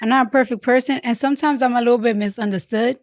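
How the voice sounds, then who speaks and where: A woman's voice: on the high side, steady tone, quick pace. A woman, speaking frankly in an interview, cursing freely and filling her talk with "like.". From the Bronx, New York. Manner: blunt, frank, swears freely, many fillers. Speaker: interview guest. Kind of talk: candid conversational interview.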